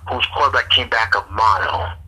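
A man's voice: fairly low pitch, moderate pace, pushed and bright, breathy edge, poor audio. A man in his thirties co-hosting a casual sports podcast, trash-talking and rambling as he gets fired up. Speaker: podcast co-host.

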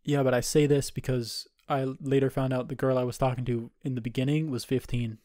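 A man's voice: medium pitch, level tone, a little fast, warm tone, no room sound, studio quality. A man in his twenties, co-hosting a podcast and telling a rambling, profane party story in casual chat. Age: 20s. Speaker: podcast co-host.

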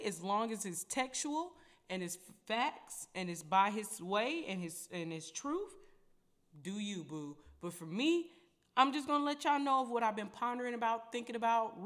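A young adult woman hosting her own podcast, talking in a casual, preachy way and addressing her listeners as y'all. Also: fairly high pitch. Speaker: podcast host. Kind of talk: casual faith talk.

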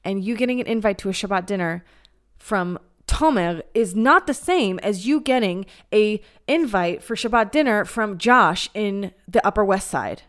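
A young woman hosting a podcast, chatting casually and frankly, with plenty of swearing and animated emphasis. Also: mid-range voice, moderate pace. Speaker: podcast host. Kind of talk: casual chat.

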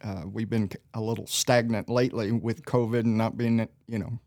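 A man in his forties, a church volunteer, speaking modestly and hesitantly with many pauses and fillers. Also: on the low side, flat delivery, darkish tone, no room sound, clean studio sound. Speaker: guest, church bass player and safety team lead. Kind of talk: casual interview chat.

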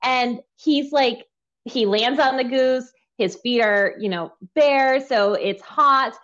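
A woman's voice: high-pitched, takes it slowly, a bit bright, dull audio. A woman co-hosting a podcast, chatting casually and rambling with frequent giggles. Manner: giggly, rambling, playfully quotes scenes. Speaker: podcast co-host. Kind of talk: casual chat.

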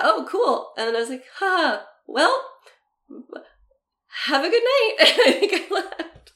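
A woman's voice: mid-range voice, roomy sound. A woman in her thirties, a comedian, telling stories in casual chat and acting out the quotes. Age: 30s. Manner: animated storyteller, acts out quotes.

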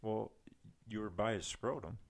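A young man with a very deep, gravelly voice chats in a laid-back way, leaning on slang. Faint noise hums under the recording. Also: moderate pace. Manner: laid-back, says dude a lot. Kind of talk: casual chat.

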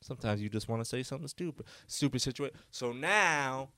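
A man talks through a story on his solo podcast, rambling and animated, with "like" in nearly every sentence. His voice sits in a middle pitch and sounds dry and close. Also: a little fast, no room sound. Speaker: podcast host. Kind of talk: casual storytelling.

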